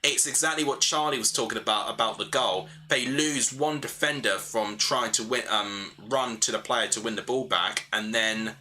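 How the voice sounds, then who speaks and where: A man's voice: mid-range voice, normal speed, hardly any pauses, pushed and bright. A young man hosting a live football watchalong stream, calling the play and chatting with viewers as he thinks aloud. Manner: chatty, thinking aloud, answering chat between play calls. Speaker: livestream host.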